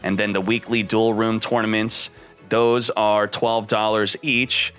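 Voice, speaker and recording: Bright, energetic male streamer, a bit breathless. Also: unhurried, faint music behind. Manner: energetic, punchy, jumps up in pitch for emphasis. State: slightly out of breath. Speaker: streamer and host of a card game channel. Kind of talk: hyped deck-review commentary.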